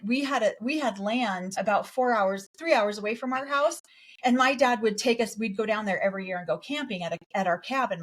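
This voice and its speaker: A woman co-hosting a podcast, chatting casually and telling lively stories, acting out what other people said. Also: on the high side. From raised in a polygamous community in the United States. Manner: animated storytelling, acts out quotes. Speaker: podcast co-host. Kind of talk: casual chat.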